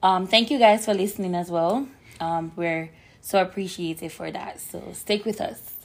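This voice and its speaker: A woman with a slightly low, hoarse voice co-hosts a casual podcast. She chats in a lively, rambling way, full of fillers as she sets up stories. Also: normal speed, a little hiss or hum. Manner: chatty, animated storyteller with frequent fillers. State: hoarse from shouting. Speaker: podcast co-host. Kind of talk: casual chat.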